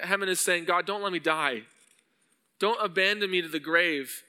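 A man's voice: high voice, moderate pace, pushed and bright, smooth, big-room sound. A male pastor preaching an earnest sermon, at times rising to a pleading intensity as he reads scripture. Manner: earnest, builds to pleading intensity when voicing psalm verses.

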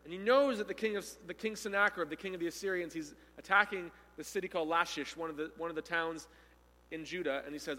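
A man preaching a sermon, retelling a story with animated delivery and acting out the quoted speakers. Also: fairly high pitch, fast talker, long reverb tail.

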